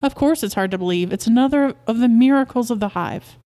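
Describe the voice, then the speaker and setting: A woman's voice: fairly high pitch, fairly quick, dark tone, voice pushed up, natural voice. A woman doing a smug, lecturing husband. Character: smug pushy male beekeeper husband.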